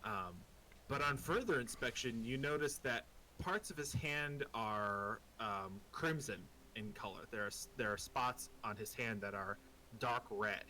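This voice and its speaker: Bright-voiced male game master. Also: mid-range voice, measured pace, a little hiss or hum, poor audio. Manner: relaxed, hesitant with many ums. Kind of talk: narrating a tabletop game.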